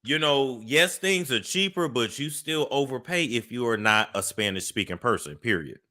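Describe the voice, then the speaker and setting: A man's voice: medium pitch, animated, moderate pace, sharp tone. A man co-hosting a casual gossip show, joking and incredulous as he reacts to stories. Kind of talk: casual chat.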